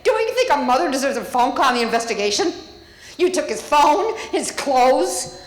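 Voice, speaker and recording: A woman's voice: high-pitched, sing-song, normal speed. A grieving woman speaking at a public meeting, tearful and angry, her voice breaking as she talks. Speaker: public commenter. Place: village board meeting hall. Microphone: podium microphone. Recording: echoey hall, long reverb.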